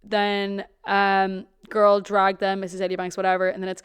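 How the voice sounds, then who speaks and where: A woman's voice: mid-range voice, completely flat delivery, normal speed, clear, resonant tone. Irish woman gossiping on a podcast. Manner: gossipy, swears freely, reads tweets aloud. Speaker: podcast co-host. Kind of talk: casual chat.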